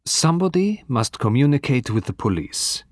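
A man voicing a precise, commanding male detective who speaks in a formal, measured, courteous way. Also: mid-range voice, very animated, no echo, clean studio sound, pitched above the performer's own voice. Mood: authoritative.

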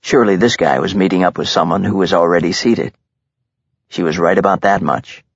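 Male audiobook narrator, husky and gravelly, measured thriller read, dull lo-fi recording. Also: deep voice. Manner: measured, tense storytelling. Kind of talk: scripted dramatic narration.

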